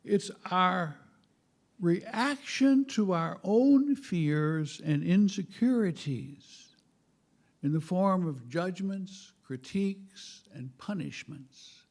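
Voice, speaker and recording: Slow, gravelly man; wry spiritual speaker who pokes fun at himself. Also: high voice, animated, a little mellow. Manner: wry, self-mocking, with chuckles; halting, repeats words. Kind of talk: humorous spiritual talk.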